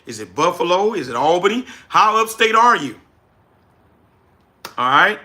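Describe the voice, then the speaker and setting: A man from South Louisiana with a Southern accent, hosting a casual livestream and answering chat with energetic, repetitive, preacher-like emphasis. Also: high-pitched, unhurried. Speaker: livestream host, business coach.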